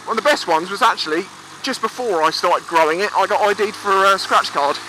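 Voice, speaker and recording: A high, bright, forceful voice belongs to a young Englishman in his twenties, who speaks fairly quickly while vlogging from a motorbike on the seafront. He tells casual stories, chats easily, swears freely and imitates quoted voices. The audio is poor, with faint road and engine noise behind him.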